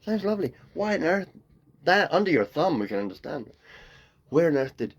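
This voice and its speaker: A man's voice: fairly high pitch, big pitch swings, moderate pace, breathy edge. A man in a rambling, free-associating comic monologue that jumps playfully between tangents. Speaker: comedian.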